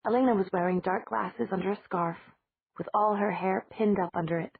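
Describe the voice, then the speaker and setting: Husky woman narrating an audiobook. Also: mid-range voice, steady tone, normal speed, no room sound. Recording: dry, tinny phone-like audio.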